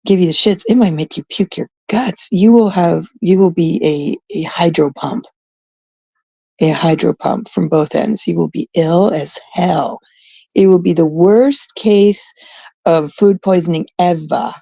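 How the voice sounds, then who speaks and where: A woman's voice: fairly low pitch, a little slow, gravelly, dark tone, husky, dry recording. A woman from Canada chatting in a blunt, profane, rambling way, full of fillers, telling a story as a vlogger. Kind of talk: casual storytelling rant.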